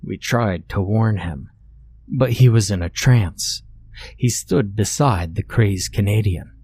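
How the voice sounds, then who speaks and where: A man narrating a scripted horror-comedy story in a deadpan, matter-of-fact way. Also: on the low side, slow, husky.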